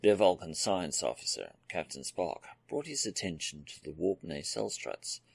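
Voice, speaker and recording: A man reading a fan fiction audiobook aloud in a steady storytelling manner. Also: deep voice, moderate pace, vocal fry, husky, dry recording. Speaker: audiobook narrator. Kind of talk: scripted narration.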